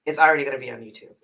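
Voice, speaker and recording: A rambling streamer with a Houston Texan twang talks loosely, peppering every thought with 'like' and easy curses. The voice is bright and sits a little back from a laptop mic at home. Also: mid-range voice, vocal fry, recorded from a distance, poor audio. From north side of Houston, Texas. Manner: rambling, full of 'like', swears freely, laughs often. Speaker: livestreamer and travel agent. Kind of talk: casual livestream chat.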